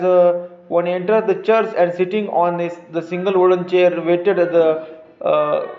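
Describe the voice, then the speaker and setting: A man with an Indian English accent, teaching a class by reading a story aloud and explaining word meanings, slow and halting, with many fillers and restarts. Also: high voice. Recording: roomy, dull lo-fi recording.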